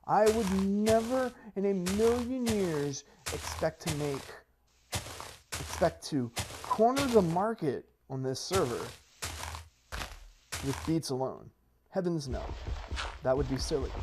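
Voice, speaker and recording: A man giving playful gameplay commentary, rambling and self-mocking as he hypes his plans like a salesman. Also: noisy background. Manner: mock sales-pitch hype, rambling with restarts. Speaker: Minecraft server player and video creator.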